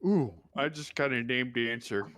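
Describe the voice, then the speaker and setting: A man's voice: mid-range voice, moderate pace, fairly bright tone. A man chatting casually as a fellow player, offhand and laid-back. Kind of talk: casual gaming chat.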